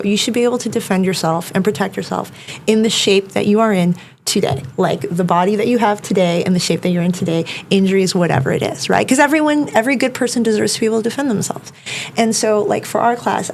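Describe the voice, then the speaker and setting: Speaking fast in a gravelly, darkish mid-range voice, this self-defense instructor is a podcast guest who keeps saying "like" and "you know" as she chats. A little hiss or hum sits in the background.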